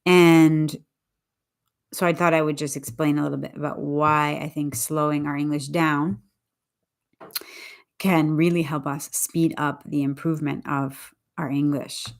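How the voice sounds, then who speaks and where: On a casual livestream, a woman who teaches English explains her point thoughtfully and deliberately, restarting often. She has a deep voice with vocal fry and a flat delivery.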